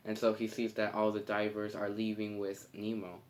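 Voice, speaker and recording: A man casually retelling a film's plot, halting and full of fillers and restarts. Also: on the low side, completely flat delivery, a little mellow. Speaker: movie reviewer.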